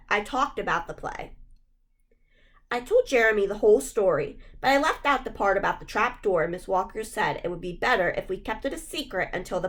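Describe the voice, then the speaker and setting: A woman reading a spooky children's novel aloud in steady, measured first-person narration. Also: mid-range voice. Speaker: audiobook reader.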